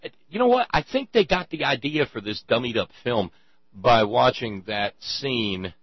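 A man's voice: medium pitch, animated, moderate pace, slightly rough, no room sound, muffled recording. A man hosting a show, rambling sarcastically in casual commentary, stumbling over restarts.

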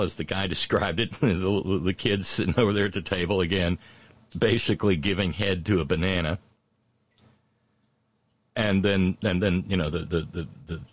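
A man's voice: sits low, no echo. A man telling a story in a rambling, sardonic monologue, full of restarts and fillers. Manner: halting, many restarts and fillers.

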